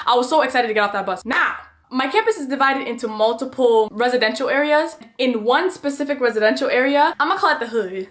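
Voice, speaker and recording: Animated young woman telling a storytime. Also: high-pitched, quick pace. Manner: animated, chatty, dramatic retelling. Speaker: vlogger. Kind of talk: storytime vlog.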